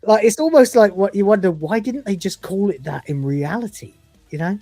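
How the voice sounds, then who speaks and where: Reviewing episodes live, a man in his forties co-hosting a podcast keeps things casual and crude, swearing freely and often laughing between thoughts. His medium-pitched voice is warm, animated and a little fast. It sounds dry and close with no room sound, and a little faint music plays behind him.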